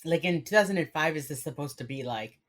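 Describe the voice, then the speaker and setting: A young adult woman co-hosting a podcast in relaxed, chatty talk, laughing often, recorded over a video call. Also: sits low, quick pace. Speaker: podcast co-host. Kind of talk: casual chat. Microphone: remote video call.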